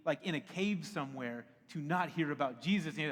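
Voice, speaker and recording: A man in his thirties preaching a sermon to a church, in a conversational, animated way that breaks often into laughter. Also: on the high side, fairly quick. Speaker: pastor. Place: church auditorium. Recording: long hall reverb.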